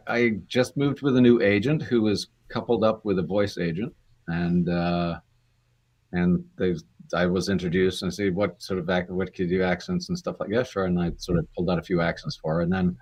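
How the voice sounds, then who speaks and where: A man with a somewhat low, breathy, husky voice tells long stories as a guest in a casual interview. He restarts his sentences often and fills the gaps with "uh" and "you know". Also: moderate pace. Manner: rambling anecdotes with many restarts and fillers.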